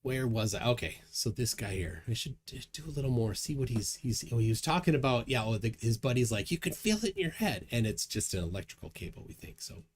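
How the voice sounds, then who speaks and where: Talking fairly quickly with few pauses, a livestream host in a mid-range voice chats casually, chuckling and reading viewer comments aloud in a lively way. Slight background noise is audible.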